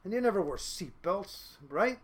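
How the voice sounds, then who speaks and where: A man from Seattle, a fishing boat captain, telling casual podcast stories in a lively way, full of fillers and laughs. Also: high voice, normal speed. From Seattle, United States. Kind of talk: casual storytelling.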